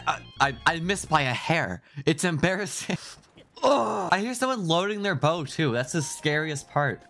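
Animated young man, laughing through game commentary. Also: mid-range voice, moderate pace, faint music behind. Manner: self-mocking, laughs often, frequent yelps of alarm. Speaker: gaming YouTuber. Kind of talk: let's play commentary.

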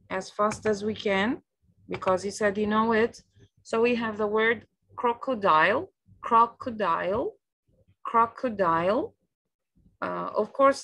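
A woman with a medium-pitched, slightly bright voice and an Egyptian accent gives an English lesson online via video call. Each new word gets several repetitions and an Arabic explanation.

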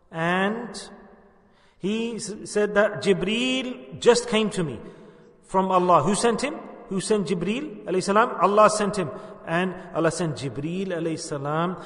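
Earnest high-voiced male preacher, echoing hall. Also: fairly bright tone. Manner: earnest, repeats for emphasis, asks the audience questions. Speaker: religious teacher. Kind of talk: sermon.

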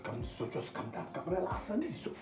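An actor playing an excitable male friend who stammers and pleads while trying to calm things down. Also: medium pitch, quick pace. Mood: pleading. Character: jittery male friend, self-styled fixer. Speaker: friend and fixer. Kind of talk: film drama acting. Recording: echoey room with music under.

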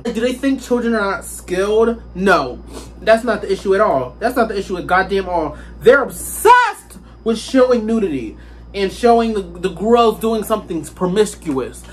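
A young woman vlogging casually from her bedroom into a hand-held phone, sassy and slangy, laughing often. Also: medium pitch. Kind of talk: casual chat to camera.

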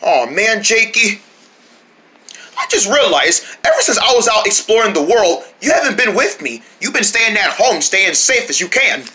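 A chatty, rambling heroic squirrel, a big-brother type, as a performer puts him on with a very bright, sharp tone. The voice swoops around a lot, lively and animated in a homemade toy story. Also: mid-range voice, moderate pace. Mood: playful.

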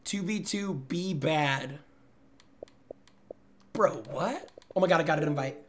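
A young man streaming a game, chattering excitedly to his chat in slangy, excitable commentary. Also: on the high side, slow pace, slight background noise. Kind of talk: live gaming commentary.

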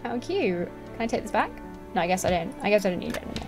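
A woman's voice: medium pitch, very animated, rapid-fire, music in the background. Joking woman playing a game. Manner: chatty, joking, talks to herself. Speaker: let's play streamer. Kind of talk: casual gameplay commentary.

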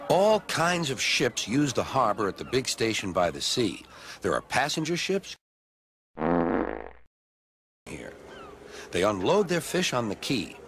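Lively man narrating a children's story. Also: mid-range voice, moderate pace, slight background noise. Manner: lively storytelling with character voices. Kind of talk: storybook narration in a remix video.

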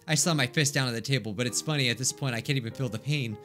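A man's voice: mid-range voice, fast talker, hardly any pauses, fairly bright tone, soft background music. A young man hosting a let's play, reading visual novel text aloud with dramatic, exclaiming reactions. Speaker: gaming let's play host.

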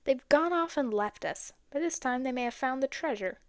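A woman's voice: high voice, animated, normal speed, pitched above the performer's own voice. A woman voicing an indignant tomboyish young woman in an audiobook.

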